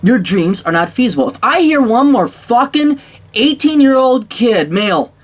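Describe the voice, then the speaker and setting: A man delivering a casual ranting monologue, blunt and sarcastic, swearing often and clearing his throat between thoughts. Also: very high-pitched, big pitch swings, normal speed. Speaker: commentator.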